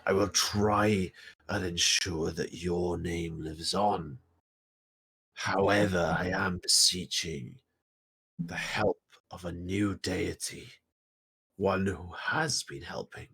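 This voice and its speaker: A British man voicing a solemn male warrior who slowly swears an oath to his fallen god. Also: deep voice, fairly even intonation, vocal fry, a bit bright, breathy edge, pitched below the performer's own voice, full character voice. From Britain. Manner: slow, grave oath-taking.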